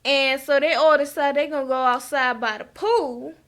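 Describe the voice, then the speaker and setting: A woman's voice: sits high, fairly even intonation, moderate pace, a bit bright. A woman giving a frank, chatty recap of a TV episode and often asking "okay?". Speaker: reality TV recap vlogger.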